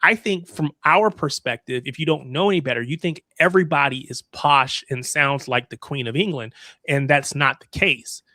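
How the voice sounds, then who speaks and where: A man's voice: fairly high pitch, normal speed, bright, forceful tone, dry recording. A man from the United States in a casual football chat, curious and asking lots of questions.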